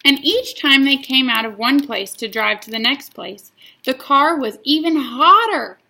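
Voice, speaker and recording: A woman reading a children's chapter book aloud, drawing out the words in an expressive storytelling way. Her voice is bright and fairly high, with a gravelly fry at the ends of lines. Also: measured pace. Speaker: reader.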